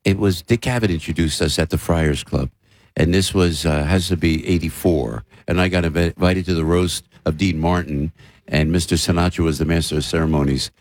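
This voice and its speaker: Lively storytelling man. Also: low-pitched, brisk, no echo. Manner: animated storyteller, slips into impressions. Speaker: comedian and radio host, here as guest. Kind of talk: casual interview chat.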